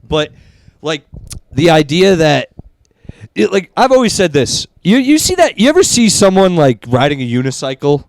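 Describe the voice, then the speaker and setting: Animated laughing male comedian co-host. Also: fairly high pitch, normal speed, no echo. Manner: animated, laughing often, profane. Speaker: podcast co-host, stand-up comedian. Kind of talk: casual chat.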